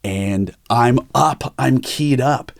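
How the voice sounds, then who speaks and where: A middle-aged pastor hosts a podcast, speaking at a slow pace in a gravelly, medium-pitched voice. He tells personal stories in candid conversation, animated and acting out the voices of the people he quotes. The recording is clean studio sound with no echo.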